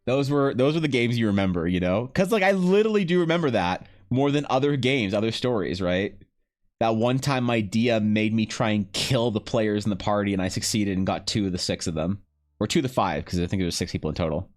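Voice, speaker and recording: A man streaming live, telling a story in casual talk. He swears freely, laughs often, and swings between loud bursts and low, muttered asides. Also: expressive, a little fast. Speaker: livestreaming artist.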